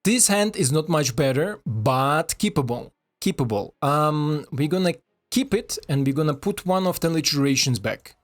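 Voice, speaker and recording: A man giving casual, excitable commentary over a card game, swearing and talking to his viewers in non-native English. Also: on the high side, moderate pace, few pauses.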